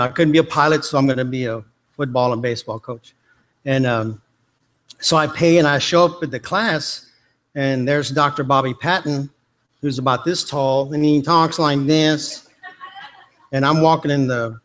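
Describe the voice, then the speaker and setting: A man from Texas, an athletic trainer telling self-deprecating, joking stories in a conference lecture. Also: mid-range voice. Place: lecture hall.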